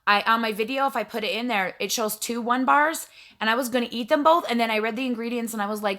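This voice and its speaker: A middle-aged woman vlogs from her home in front of a backdrop, chatting to the camera with a bright, crisp edge to her voice. She rambles along casually and pokes fun at herself. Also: fairly high pitch, fast talker. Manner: chatty, rambling, self-mocking. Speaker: vlogger.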